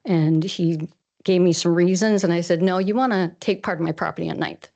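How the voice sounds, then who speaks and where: A woman farmer from Washington State speaks at a council lectern. She is earnest and rambling, with emotion close to the surface. Her voice sits a little low. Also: fairly quick, gravelly, a little mellow, dull audio. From Washington State, USA. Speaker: farmer giving public comment. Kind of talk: public comment at a council meeting. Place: council chamber.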